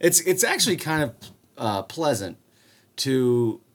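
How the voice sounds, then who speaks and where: A man co-hosting a podcast in casual banter, animated and profane. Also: medium pitch, a little slow. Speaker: podcast co-host.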